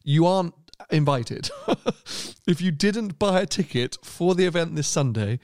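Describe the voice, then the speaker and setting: Chatty man, lively voice. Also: on the high side, unhurried, dry recording, clean studio sound. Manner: chatty, laughs often, rambling asides. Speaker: podcast co-host. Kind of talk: casual chat.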